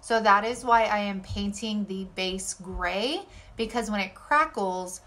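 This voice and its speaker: A woman's voice: medium pitch, measured pace, bright, forceful tone. A young woman, chattily narrating her craft projects as a channel host, with lots of filler words. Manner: chatty and enthusiastic, with many "like" fillers. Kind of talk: casual voice-over narration of craft steps.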